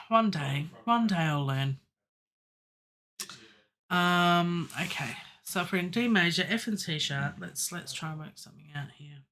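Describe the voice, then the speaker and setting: A woman's voice: on the low side, lively intonation, measured pace, pushed and bright. A middle-aged woman, chatting casually and digressively on a live stream from her home studio, laughing often and joking at her own expense. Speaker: musician livestreaming her songwriting. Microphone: studio microphone.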